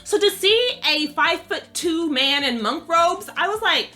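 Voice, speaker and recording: A woman's voice: very high-pitched, expressive, unhurried, pushed and bright, faint music behind. A woman giving a casual, chatty recap of a TV episode, laughing often and using slangy, profane asides. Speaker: TV recap reviewer.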